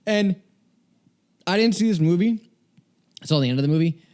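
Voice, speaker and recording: A man's voice: high-pitched, animated, moderate pace, darkish tone, clean tone. A man co-hosting a casual comics podcast, rambling, cursing often and trailing off mid-sentence. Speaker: podcast co-host. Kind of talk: casual chat.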